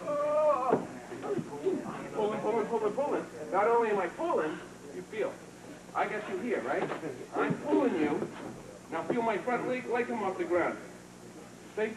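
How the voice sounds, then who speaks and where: A man teaching a karate seminar, talking casually as he demonstrates moves, coaching students with short praise. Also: very high voice. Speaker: karate instructor. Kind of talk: hands-on martial arts seminar teaching. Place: training hall. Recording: echoey hall, distant mic, noisy 1990s video.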